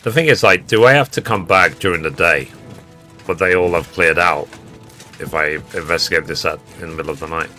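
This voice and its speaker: A man's voice: low-pitched, brisk, bright, forceful tone, faint music behind. A man giving casual commentary while streaming a video game, musing aloud to himself between hesitations.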